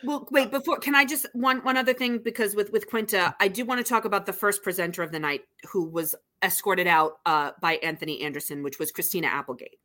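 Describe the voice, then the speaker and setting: Bright, gushing woman podcast co-host. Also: mid-range voice, fast talker, few pauses. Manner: gushing, enthusiastic. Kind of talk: casual awards recap chat.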